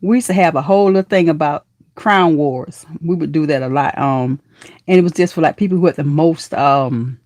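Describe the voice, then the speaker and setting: A woman with a fairly low voice chats through a live stream, warm with her viewers and full of honey, baby and girl. Her pitch leaps up when she greets people. The sound is dry and close, with no room around it. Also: moderate pace, no echo. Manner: lively, with pitch leaping up in excited greetings.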